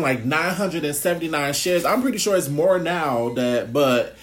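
A man chatting casually on his vlog, animated, swearing freely and laughing often. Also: on the high side, moderate pace, few pauses. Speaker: blogger.

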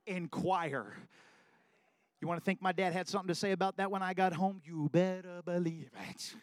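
High-pitched guy preaching his own story, gets loud and emphatic, dry mic. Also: flat delivery, quick pace, no echo. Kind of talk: sermon testimony.

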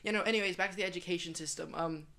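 A woman guesting on a casual podcast, teasing and quick-witted, speaking into a home computer mic. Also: on the low side, pushed and bright. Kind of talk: casual chat.

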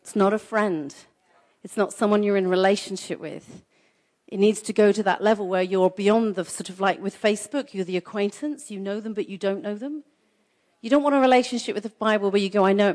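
A woman preaching a sermon in an energetic, conversational way, repeating phrases for emphasis. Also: mid-range voice.

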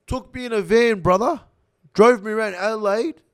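A young Australian man telling a rough prison story in casual slang, swearing constantly. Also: high voice, normal speed. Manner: swears heavily, animated slang-filled storytelling.

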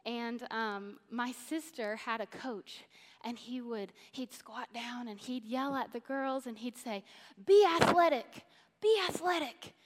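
A church speaker from Missouri gives sermon-style Bible teaching to a congregation with warm enthusiasm and earnest conviction, her voice a little high, steady and slightly slow. Through the stage microphone, a long reverb from the large auditorium trails each phrase, with a little hiss or hum present.

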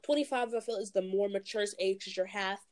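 A woman's voice: mid-range voice, brisk, a little mellow, no room sound, studio quality. A woman, ranting bluntly and casually in slangy podcast chat. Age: 20s. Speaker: podcast co-host.

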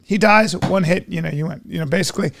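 A man's voice: sits high, fast, creaky. A man telling a story in a casual chat, acting out quoted dialogue with energy. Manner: animated retelling with quoted dialogue. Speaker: podcast guest.

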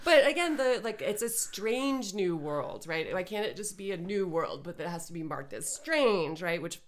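A woman with a somewhat low voice talks through ideas on a casual podcast. She is analytical and conversational, often tagging her points with "right?". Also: lively intonation, moderate pace. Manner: analytical, frequent "right?" tags. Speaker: podcast co-host.

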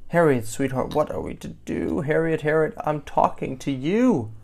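A father reading a picture book aloud to his child, giving the mother's lines in a louder, sing-song voice as a patient, loving but exasperated mother. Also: mid-range voice, little pitch movement, a little slow, gravelly. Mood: fondly exasperated.

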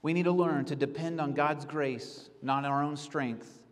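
A male pastor preaching an earnest sermon, rising to pleading and then dropping to hushed reflection. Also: on the high side, fairly even intonation, measured pace, in a large hall.

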